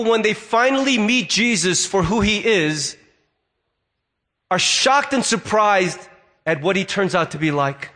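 High-voiced male preacher telling a story. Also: bright, forceful tone. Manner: storytelling, acts out voices in quotes. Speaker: pastor. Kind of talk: sermon.

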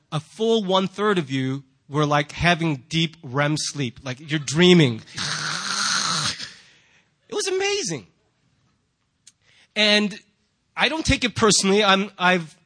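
A man preaching a sermon in church, animated and jokey, acting out voices to make his points. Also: sits high. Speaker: pastor.

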